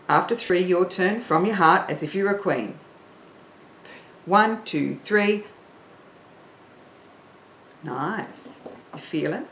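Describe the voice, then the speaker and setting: A woman singing teacher leading an online warm-up, encouraging and counting in her learners. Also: on the low side, slow, long pauses, reverberant.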